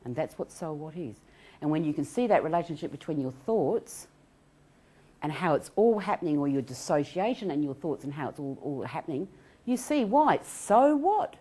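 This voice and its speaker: Lively woman with a low voice. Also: normal speed, breathy edge. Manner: animated, acts out quoted voices, laughs often. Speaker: anxiety recovery presenter. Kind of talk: recorded self-help talk.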